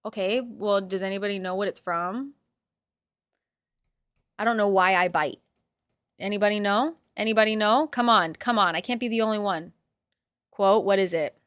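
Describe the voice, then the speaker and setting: Bright, chatty young woman streamer. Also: mid-range voice, normal speed, pauses often, no echo, clean studio sound. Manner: talks to herself and to chat, swears, swings loud. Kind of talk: casual chat.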